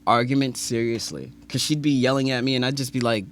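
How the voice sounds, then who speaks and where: A man's voice: mid-range voice, flat delivery, quick pace, slight background noise. Male podcast co-host, casual and jokey, swears a lot, laughs easily. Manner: joking, swears freely, laughs often. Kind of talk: casual chat.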